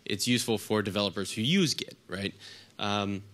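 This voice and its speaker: A man's voice: lowish voice, normal speed, a bit bright. A man in his thirties, a little sick with a nasal voice, giving a casual, hesitant lightning talk at a conference. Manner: hesitant, many ums and restarts. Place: conference room with audience.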